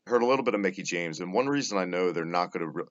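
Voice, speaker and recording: Male co-host, low voice, lively delivery, casual and profane, dull lo-fi audio. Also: dry recording. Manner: animated, swearing, quick to joke. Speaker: podcast co-host. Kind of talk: casual podcast chat.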